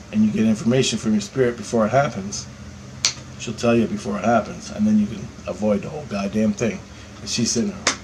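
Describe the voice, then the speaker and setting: Man, profane rambling vlog rant, swears nonstop, animated storyteller, faint background hiss. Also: mid-range voice. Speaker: vlogger.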